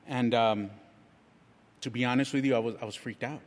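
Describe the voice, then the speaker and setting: A man's voice: medium pitch, fairly even intonation, moderate pace. Middle-aged man telling a testimony in a hall. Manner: frank and self-mocking, chatty with lots of restarts. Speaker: church speaker sharing a testimony. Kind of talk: candid personal testimony, casual storytelling. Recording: long reverb of a large hall.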